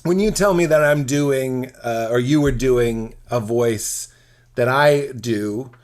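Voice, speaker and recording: A man's voice: mid-range voice, slow pace. A man, a comedian and podcast guest, chatting casually and animatedly, often slipping into silly character voices mid-sentence.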